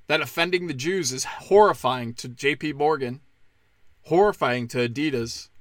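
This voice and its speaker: A man's voice: mid-range voice, normal speed, dry recording, clean studio sound. A man ranting in a casual monologue, sarcastic and profane, slipping into mocking impressions.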